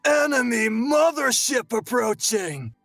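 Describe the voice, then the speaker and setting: A man with a British accent voicing an excitable male dog pilot from a space shooter game, shouting high radio callouts. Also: slow, creaky, no room sound, studio quality, faint music behind, full character voice. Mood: alarmed.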